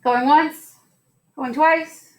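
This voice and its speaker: A woman's voice: high voice, steady tone, drawn-out words. A woman teacher giving a science lesson in a classroom, upbeat and playful, putting questions to her students.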